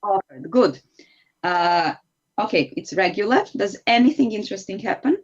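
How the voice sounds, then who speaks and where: A woman's voice: medium pitch, animated, moderate pace, muffled recording. A woman with a Serbian accent teaching an English grammar class online, patient and encouraging as she explains step by step.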